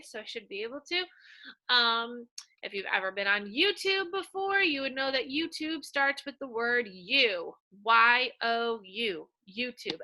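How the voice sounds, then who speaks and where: Bright-voiced slow, sing-song woman teacher. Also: fairly high pitch. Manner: slow, sing-song and animated, points to pictures. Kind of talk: early-reading lesson for young children.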